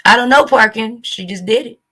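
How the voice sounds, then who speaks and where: Woman host with Southern US accent, blunt and profane reaction rant, higher-pitched voice. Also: brisk, sharp tone, husky. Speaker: YouTube host. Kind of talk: casual reaction rant to camera.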